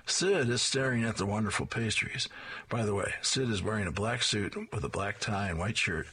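A man's voice: fairly low pitch, moderate pace, pushed and bright, breathy edge. A man describing and reading comic strips aloud in a plain, descriptive way.

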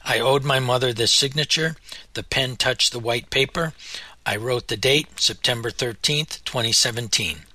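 A man narrating a memoir audiobook with a very bright, crisp tone. His pitch sits in the middle for a man. He reads in measured, solemn phrases, and the recording is dry and close with no room echo.

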